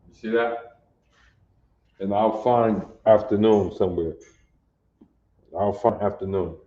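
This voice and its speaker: Male teacher, slow drilling delivery, mellow tone, roomy lo-fi sound. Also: lowish voice, fairly even intonation. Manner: repetitive, insistent, drills pronunciation. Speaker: language teacher. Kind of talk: classroom teaching. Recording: echoey, dull lo-fi room.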